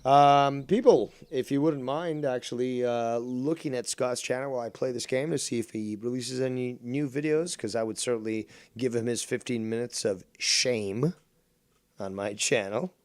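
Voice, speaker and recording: A man's voice: mid-range voice, normal speed, darkish tone. A man chatting casually on a live stream while playing a fishing game, rambling, sarcastic and profane.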